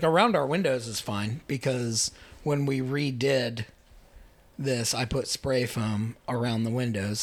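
A young man hosting a casual podcast chat, joking, laughing often and swearing casually. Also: medium pitch. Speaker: podcast host.

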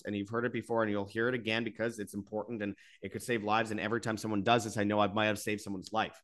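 A man's voice: medium pitch, a bit bright. Exasperated man ranting to camera. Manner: exasperated, repetitive, ranting with rising bursts. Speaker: host of an alternative media channel. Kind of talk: impassioned monologue with sponsor reads.

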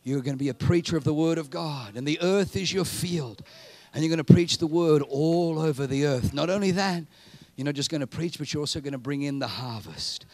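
God as a calm, fatherly presence, as a preacher puts him on, speaking low and gently. The lines come measured and soft, with a gravelly grain. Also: full character voice. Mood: tender.

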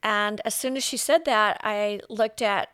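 A woman's voice: mid-range voice, measured pace, clear, resonant tone, dry recording, clean studio sound. A woman guest telling her faith testimony in casual chat, acting out quotes as she goes. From California. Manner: animated storyteller, acts out quotes. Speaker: podcast guest.

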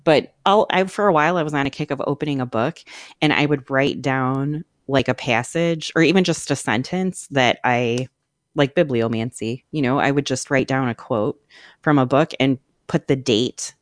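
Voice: medium pitch, normal speed, dry recording. A host in casual chat, talking in a chatty, rambling way and telling stories with animation.

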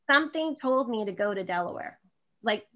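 A woman in her thirties speaks as an interview guest, telling her own story. She rambles, restarting phrases and filling pauses. Her voice sits a little high. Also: animated, dull audio. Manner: rambling, many restarts and fillers, emotional.

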